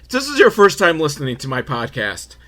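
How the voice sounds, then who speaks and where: Brisk and a bit bright, his fairly high voice swings hugely in pitch. The male podcast host runs through a film with rambling sarcasm, plenty of swearing, and noises in place of quotes.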